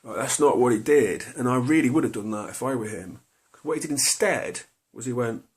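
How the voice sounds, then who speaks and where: A man's voice: mid-range voice, lively intonation, fairly quick. A middle-aged man tells a personal story to camera, hesitant and confessional, full of fillers and restarts. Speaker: vlogger.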